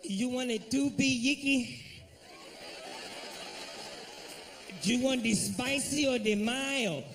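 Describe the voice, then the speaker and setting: A man voicing a male fast-food cashier who speaks broken, halting English, slow and confused. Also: very high-pitched, creaky, noisy background, pitched above the performer's own voice, full character voice. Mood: insistent. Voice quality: slow, halting speech full of mispronunciations.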